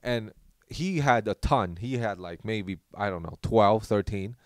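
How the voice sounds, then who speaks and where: A man's voice: on the low side, measured pace, dry recording, studio quality. Rambling young man telling a story. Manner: rambling, animated, acts out quotes. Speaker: podcast host. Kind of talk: casual storytelling chat.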